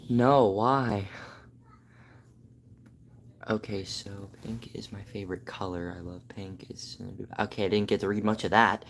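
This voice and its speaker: A man's voice: on the low side, fairly even intonation, measured pace, pauses often, a little hiss or hum. A man, a voice actor streaming live from home, chatting casually with his viewers. He jokes and stammers while reading chat aloud.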